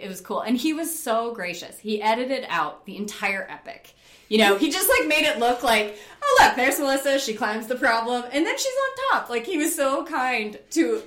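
A middle-aged woman from New York telling animated, laughing stories about climbing, acting out her own past panic. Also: mid-range voice. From Rochester, New York. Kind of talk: casual storytelling. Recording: roomy echo.

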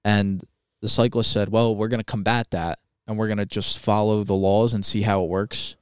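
A young man co-hosting a podcast, telling a story in a casual, animated, swearing way and acting out quoted voices. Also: lowish voice, moderate pace, clean tone, no echo, studio quality. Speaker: podcast co-host.

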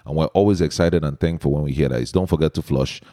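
Very deep-voiced Igbo-accented man, dry. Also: quick pace, dark tone, dry recording. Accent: Igbo Nigerian. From Nigeria. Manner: chatty, laughs often, restarts phrases. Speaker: podcast host. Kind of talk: casual podcast hosting.

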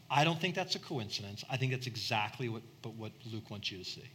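A man preaching a sermon as a pastor, animated, acting out the people he quotes. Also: lowish voice, brisk, hardly any pauses. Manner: animated, acts out quoted voices.

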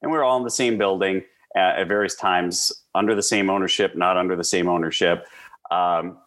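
A man from the American Midwest with a fairly low voice, telling his stories as an interview guest. He talks casually and with energy, using plenty of fillers and restarts. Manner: animated, lively storyteller with frequent fillers. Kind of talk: casual conversational storytelling.

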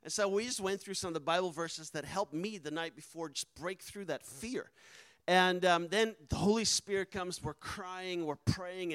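A man's voice: sits high, a bit bright, clear, resonant tone, no echo, poor audio. A man, a missionary, telling a personal testimony with earnest emotion and acting out the quoted dialogue. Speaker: missionary speaker.

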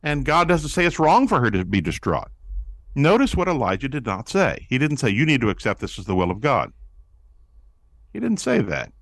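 Male guest, teaching-preacher delivery, animated quotes, dry close mic. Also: medium pitch, moderate pace, dry recording. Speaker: guest, pastor-author on prayer. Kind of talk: teaching interview answer.

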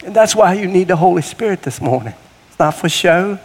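A man's voice: sits high, expressive, a little fast, husky. A middle-aged man preaching a sermon in a church, folksy and conversational, with sudden rises in force. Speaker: guest preacher. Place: church sanctuary. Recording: long hall reverb.

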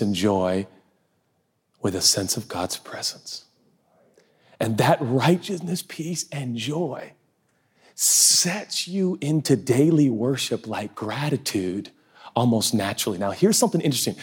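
A male pastor giving a sermon, animated and joking, with rhetorical questions. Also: medium pitch, a little slow, husky.

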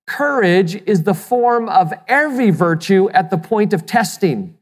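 A pastor delivers a sermon in a middle-pitched voice, pressing points home with rhetorical questions and the odd repeated word. The sound rings with the long reverb of a large hall. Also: lively intonation, measured pace. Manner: emphatic, asks the listeners rhetorical questions; repeats words when restarting.

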